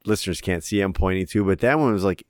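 Low-voiced male podcast co-host, rambling and casual, dry close sound. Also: quick pace, no room sound. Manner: laid-back, rambling, hesitant with fillers, swears. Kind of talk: casual movie-discussion chat.

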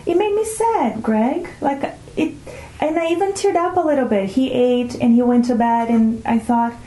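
Expressive woman whose first language is Portuguese. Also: sits high, normal speed, reverberant, poor audio. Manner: animated storyteller acting out family dialogue. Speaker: guest. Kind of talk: casual conversational interview.

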